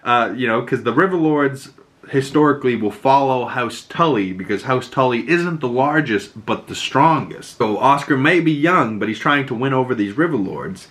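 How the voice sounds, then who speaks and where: A man hosting a podcast, recapping a TV episode in loose, excitable casual chat and swearing freely. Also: medium pitch, moderate pace.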